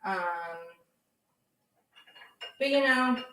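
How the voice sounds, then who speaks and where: A young woman chats her way through a home baking livestream, unhurried and bright-toned. Her voice is a little high and carries a roomy echo from the kitchen. She talks loosely and keeps turning to read out viewers' comments. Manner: chatty, reads out viewer comments. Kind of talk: casual livestream chat while baking.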